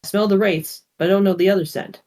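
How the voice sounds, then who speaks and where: A reader voicing a huge, calm male ogre who commands a garrison and speaks in a measured way. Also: medium pitch, close to an everyday voice. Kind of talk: amateur audio drama reading.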